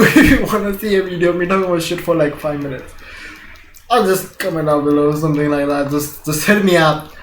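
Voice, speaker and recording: A man's voice: fairly high pitch, fairly quick, a little hiss or hum. A young man from India, vlogging casually about his week, laughing often and swearing freely in a loose, rambling way. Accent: Indian English with British-leaning vowels. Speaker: gaming channel vlogger. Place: home room, recording near a window. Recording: echoey room with faint music.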